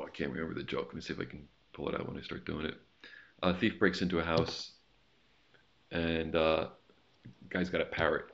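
A man with a very low voice gives a sermon in a loose, chatty way, breaking off for asides. The recording sounds slightly muffled and lo-fi. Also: a bit bright. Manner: conversational preaching with asides and jokes. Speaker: pastor.

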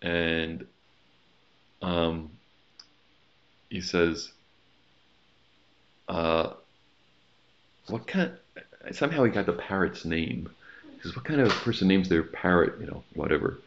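Deep-voiced man preaching conversationally. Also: slow pace, long pauses. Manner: conversational preaching with asides and jokes. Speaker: pastor. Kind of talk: sermon. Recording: slightly dull lo-fi recording.

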